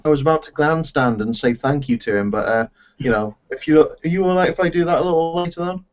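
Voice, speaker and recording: A man's voice: on the high side, fast talker, darkish tone. A man joining a casual live-stream chat as a guest, joking and self-mocking. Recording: dull, lo-fi call audio.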